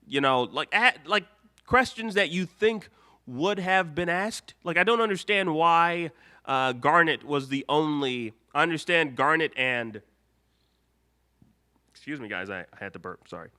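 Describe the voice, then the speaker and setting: A man's voice: a little high, lively intonation, a little slow, sharp tone. A man hosting a live cartoon-commentary stream, rambling and correcting himself, now and then breaking into mock outrage. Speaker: live show host.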